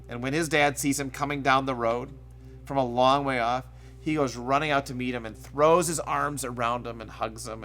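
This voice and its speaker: A male pastor at mid pitch gives a casual, conversational sermon from a church stage. Every so often he jumps into quoted voices with a sudden rise in volume. Faint music plays underneath. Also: fairly bright tone.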